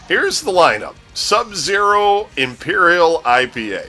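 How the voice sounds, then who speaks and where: A man hosts a casual radio-style gaming news show, reading the week's game releases in a lively, swooping voice. His tone is bright, and he cracks jokes and stumbles over odd names. Faint music plays behind him. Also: high voice, takes it slowly. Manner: jokey, laughs often, stumbles over names. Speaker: news host.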